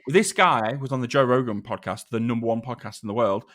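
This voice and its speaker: A man's voice: mid-range voice, a little fast, a bit bright. A man co-hosting a podcast, teasing his partner with dry banter. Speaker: podcast co-host. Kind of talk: casual podcast chat.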